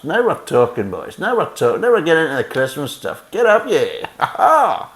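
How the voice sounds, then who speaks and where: A man's voice: fairly high pitch, wildly swooping pitch, moderate pace, few pauses, fairly bright tone. A Scottish man reviewing a beer in casual chat, sarcastic and blunt, reading the label aloud and mocking it. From Scotland.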